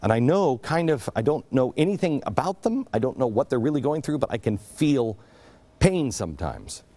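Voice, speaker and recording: A middle-aged man hosting a talk show, telling a personal story in an earnest, confiding monologue that drops to a hush at times. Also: mid-range voice, very animated, normal speed. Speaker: radio and TV show host.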